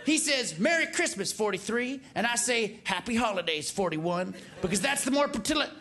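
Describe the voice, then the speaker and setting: A man doing a stand-up impression of a folksy former president, halting and tongue-tied on stage. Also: high voice, animated, voice pushed down, full character voice. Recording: live club mic with loud crowd.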